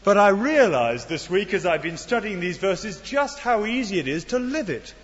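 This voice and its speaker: A man's voice: high-pitched, big pitch swings, moderate pace, husky. A middle-aged man preaching a sermon in an earnest way, with wry asides and rhetorical questions. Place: church. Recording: dull sound in a long-reverb hall.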